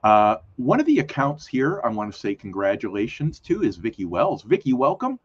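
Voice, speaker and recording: Husky rambling man hosting a live stream. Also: mid-range voice, wildly swooping pitch, normal speed, muffled recording. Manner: rambling, self-correcting, chatty, with many fillers. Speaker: host of a weekly live community show. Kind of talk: casual live-stream chat.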